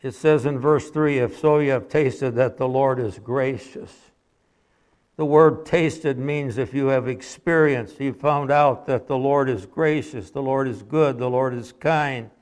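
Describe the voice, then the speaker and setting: A man preaching an evening sermon in a folksy, conversational way, with homely anecdotes and quiet endings to his points. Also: medium pitch, measured pace. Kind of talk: sermon with storytelling.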